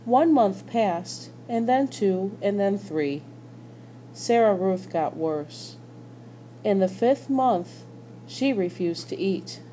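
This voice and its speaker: A woman reading a children's novel aloud, slow and gentle. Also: mid-range voice, expressive, a little hiss or hum, poor audio. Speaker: school staff reader.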